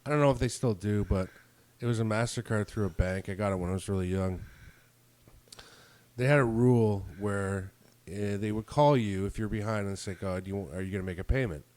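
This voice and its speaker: A man's voice: on the low side, moderate pace, darkish tone, clear, resonant tone. A man on a podcast, telling a story in casual chat, acting out both sides of phone calls and swearing freely. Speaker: podcast co-host.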